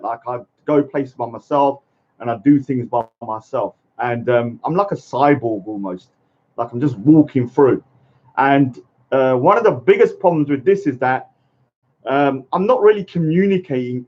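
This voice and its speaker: A man chatting casually on a live stream, rambling and halting with many fillers and greeting viewers by name. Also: mid-range voice. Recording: muffled lo-fi stream audio.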